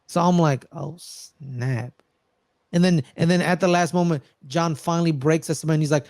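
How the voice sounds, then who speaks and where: A podcast co-host with a somewhat high voice chats casually in a movie review, speaking at normal speed. He's animated, acting out characters' lines while retelling scenes, and the sound is dry and close with no echo.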